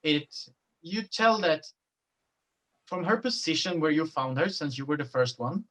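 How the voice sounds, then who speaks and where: A man's voice: on the high side, animated, measured pace, fairly bright tone, poor audio. A man narrating a tabletop horror game as game master, loose and rambling.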